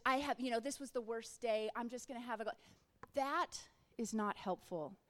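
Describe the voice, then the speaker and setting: Middle-aged woman, high voice, earnest faith speaker with lively storytelling, recorded with long hall reverb. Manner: earnest, storytelling, acts out quoted thoughts. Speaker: Christian speaker. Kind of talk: faith-based encouragement talk.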